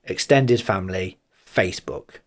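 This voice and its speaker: A man's voice: low voice, lively intonation, measured pace. A man co-hosting a podcast in a casual chat, teasing his friend and mimicking other people's voices for laughs. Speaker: podcast co-host.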